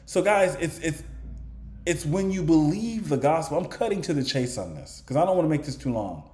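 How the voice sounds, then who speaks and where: A man's voice: on the high side, expressive, moderate pace, darkish tone, roomy sound. A man giving informal bible teaching, asking rhetorical questions and answering them in a conversational way. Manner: conversational, with chuckles and restarts. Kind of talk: informal preaching to camera.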